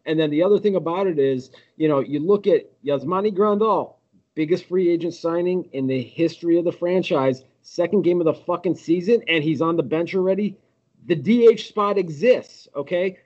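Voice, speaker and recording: A man's voice: fairly high pitch, normal speed, a little mellow. Profane ranting man, muffled audio. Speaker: podcast guest. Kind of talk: casual sports podcast rant.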